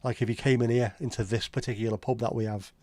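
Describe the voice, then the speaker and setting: A man's voice: mid-range voice, fairly even intonation, fast, a little mellow, no room sound. A man with a Liverpool accent hosting a casual livestream chat, rambling and opinionated with frequent swearing. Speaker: livestream host.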